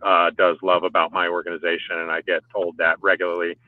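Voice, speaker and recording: A man with a deep, low voice chats loosely about coaching motorcycle riders, stacking fillers and restarts as he goes. He is heard over a narrow, phone-like line. The sound is dry, with no room around it. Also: little pitch movement, fast talker, no echo. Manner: rambling, filler-heavy talk with restarts. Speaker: motorcycle track day organizer and riding coach. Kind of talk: casual podcast chat. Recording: phone-like call audio.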